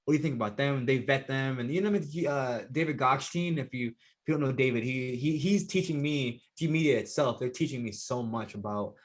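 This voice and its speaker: A man's voice: medium pitch, fairly quick, hardly any pauses. A young man with a Jamaican accent, guesting on a podcast and talking in a loose, laid-back way full of slang and fillers. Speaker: guest, professional fighter. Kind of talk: casual podcast interview.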